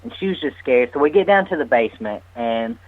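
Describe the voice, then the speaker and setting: A man's voice: fairly high pitch, lively intonation, a little fast, slightly rough, narrow, tinny audio. Laughing man telling a story on radio. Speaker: guest medium's partner. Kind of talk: casual storytelling on a radio show.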